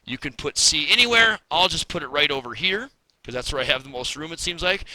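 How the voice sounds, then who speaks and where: A man's voice: mid-range voice, normal speed, sharp tone, poor audio. A man teaching a recorded math lesson, explaining step by step in a casual, patient way.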